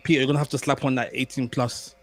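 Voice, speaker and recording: A young man co-hosting a podcast, telling stories in casual chat with animated repeats and restarts. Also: medium pitch, fast. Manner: animated storyteller, stammers and repeats words. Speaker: podcast co-host.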